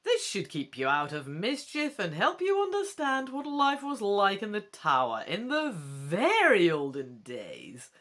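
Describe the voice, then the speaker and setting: A woman's voice: mid-range voice, wildly swooping pitch, unhurried, few pauses, fairly bright tone, full character voice. A woman reading aloud, voicing a stern, middle-aged chief warder who speaks thoughtfully and drily. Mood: dry. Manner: thoughtful, dry.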